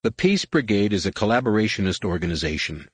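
A man's voice: fairly low pitch, expressive, fast talker, husky, no room sound. A man reading an audiobook, playing a defiant, stern young male Jedi with a tense, raised voice.

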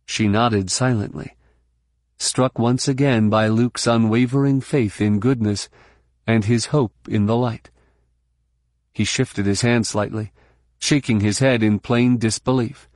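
A man reading a novel aloud as narrator, in a measured, even storytelling manner into a close mic. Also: medium pitch, dry recording. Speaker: audiobook narrator. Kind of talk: scripted narration.

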